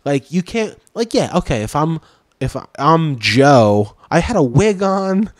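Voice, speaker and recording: Dry-voiced man telling a story, animated. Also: a little high, a little slow, no echo. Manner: animated storyteller, acts out both sides of quoted arguments; swears casually, laughs often. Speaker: podcast host and comedian. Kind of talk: casual chat.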